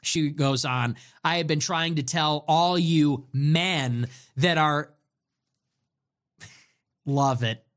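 High-pitched sarcastic male political ranter. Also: very slow, long pauses, fairly bright tone. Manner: sarcastic, profane, mocking. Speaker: political commentator. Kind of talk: ranting political commentary.

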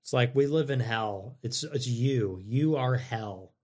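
A man hosting a livestream, reading out donations and answering them in a sarcastic, mocking way that swings from loud mimicry to low mutters. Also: takes it slowly, slightly rough. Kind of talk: casual livestream commentary.

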